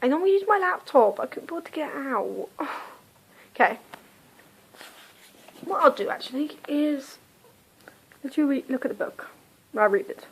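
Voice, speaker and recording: A woman's voice: high voice, expressive, moderate pace, gravelly, pauses often, low-quality recording. A young British woman with a British accent, chatting casually through a book review vlog recorded on a phone, rambling and cutting herself off. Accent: British English. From Britain. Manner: chatty, rambling, self-interrupting. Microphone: phone camera.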